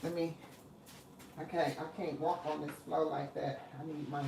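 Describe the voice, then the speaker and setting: A woman with a low voice chats to her viewers while she cooks in her home kitchen, calling them "baby" and "y'all". She talks loosely and personally as she moves around the room. A faint hiss sits under the recording. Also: little pitch movement, normal speed, creaky. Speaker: livestream host. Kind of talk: casual live cooking chat.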